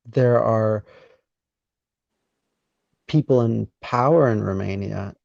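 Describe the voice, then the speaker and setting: A man hosting a podcast interview, talking in a measured, deliberate way with pauses mid-sentence. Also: fairly low pitch, creaky, a little mellow, no room sound. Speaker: podcast host. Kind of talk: conversational interview. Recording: dry, dull lo-fi sound.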